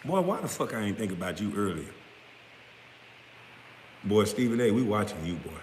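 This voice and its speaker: A man delivering a blunt, profane, confrontational rant straight to camera, now and then breaking into loud outbursts. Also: fairly low pitch, moderate pace. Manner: smoking hookah while talking. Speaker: vlogger responding to critics. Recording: roomy echo with long reverb, faint background noise.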